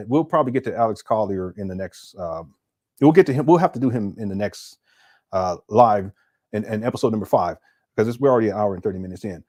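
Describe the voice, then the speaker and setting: Male stream host, casual rambling commentary, stammers and repeats himself, mid pitch. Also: a little mellow.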